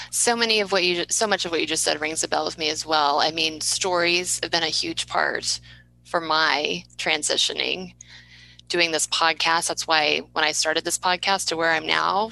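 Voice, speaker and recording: A woman hosting a podcast, heartfelt and rambling, often restarting her sentences. Her voice is lowish but bright, with gravelly fry and a dry close sound. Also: steady tone, normal speed, low-quality recording. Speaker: podcast host. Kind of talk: interview conversation.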